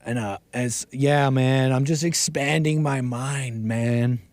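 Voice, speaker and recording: A man voicing a laid-back young male stoner, reading in a low, mumbling drawl. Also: fairly even intonation, slow pace, a little mellow, dry recording, close to an everyday voice. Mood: dopey, drawling. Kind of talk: mock reading and impression on a livestream.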